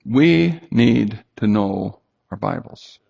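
A man's voice: on the low side, expressive, takes it slowly, vocal fry, a little mellow, husky, muffled recording. Emphatic male preacher in a reverberant hall. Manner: emphatic, rhetorical questions, reads scripture aloud. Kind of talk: sermon.

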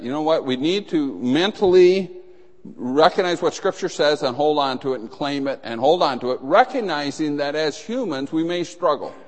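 A man preaching a sermon, emphatic, acting out the dialogue of the people in his story. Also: a little high. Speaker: pastor. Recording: long hall reverb.

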